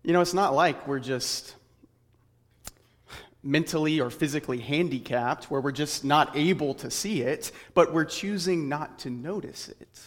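A man's voice: a little high, a little slow. Earnest male preacher in a reverberant hall. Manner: earnest, builds through rhetorical questions. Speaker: pastor. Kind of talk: sermon.

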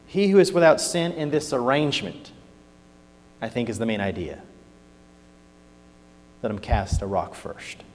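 A man preaching a sermon, moving from hushed scripture reading to loud emphatic points, with folksy turns of phrase. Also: fairly high pitch. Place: church sanctuary. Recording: long hall reverb.

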